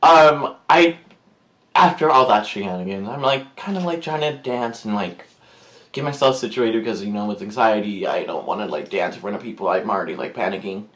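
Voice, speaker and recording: A man's voice: on the low side, brisk. Guy rambling thru a storytime vlog, lots of likes and ums, does little voices for people. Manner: animated, acts out quotes in put-on voices; filler-heavy, rambling. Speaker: YouTuber.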